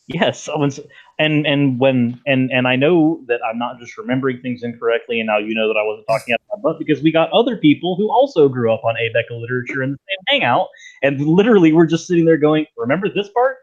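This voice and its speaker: A man's voice: mid-range voice, fast, highs cut off. A man as a guest in a casual debate, speaking bluntly and emphatically.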